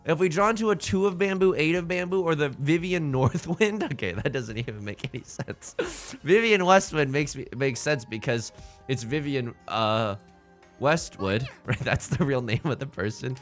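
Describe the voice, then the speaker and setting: Over faint music, a man with a fairly high, animated voice speaks at normal speed while playing a tile game as a let's play host. His commentary is casual and self-deprecating; he often restarts sentences, plays up his despair, and says he's tired from little sleep.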